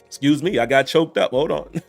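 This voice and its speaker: A man's voice: fairly high pitch, creaky. A man giving casual, conversational reactions to a football game, talking straight to his viewers. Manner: conversational, addresses viewers as y'all and guys. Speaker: sports commentator host.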